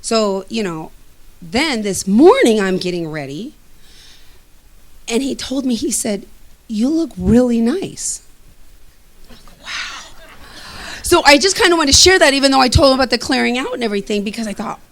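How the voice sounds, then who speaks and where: Animated middle-aged woman telling a personal story. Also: fairly high pitch, normal speed, pauses often. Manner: animated, acts out both sides of conversations, laughs often. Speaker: student giving a testimonial.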